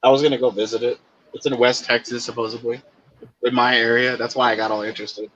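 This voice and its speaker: A man's voice: mid-range voice, little pitch movement, fast talker, a bit bright, muffled recording. A man chatting casually on a livestream, telling long rambling stories and swearing freely. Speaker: livestream co-host. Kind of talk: casual chat.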